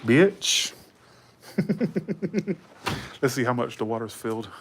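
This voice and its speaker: A man's voice: mid-range voice, big pitch swings, slow pace, noisy background. A man hosting a livestream in rambling, slangy casual chat, laughing often. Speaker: livestream host.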